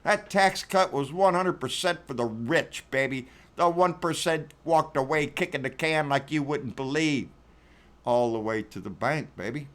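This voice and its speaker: A man's voice: mid-range voice, a bit bright. A man hosting a casual political commentary rant, talking in a sarcastic, profane way and repeating himself for emphasis.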